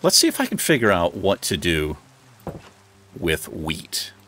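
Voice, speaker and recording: Gaming host, male, lively up-and-down delivery, rain heard behind him. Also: measured pace, slight background noise. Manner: chatty, talks to the game animals, jumps into high excited bursts. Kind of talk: casual let's play commentary.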